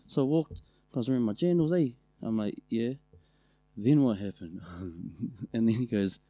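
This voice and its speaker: A man with a New Zealand accent, co-hosting a podcast and telling family stories in a loose, animated way, with a lot of swearing. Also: lowish voice, a little slow, no room sound, faint music behind. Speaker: podcast co-host. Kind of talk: casual storytelling chat.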